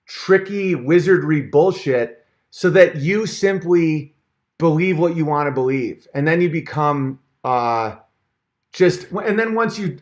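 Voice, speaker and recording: A man hosting his own channel, ranting in a heated, sarcastic, profane way, with rambling restarts and asides. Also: a little high. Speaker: channel host. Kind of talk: comedic rant vlog.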